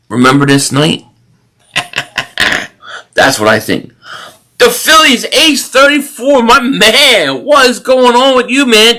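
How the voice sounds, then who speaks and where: Male stream host, casual and opinionated sports talk, high and bright timbre. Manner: opinionated, animated sports rant with repeated restarts. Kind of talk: casual live stream chat, reading super chats.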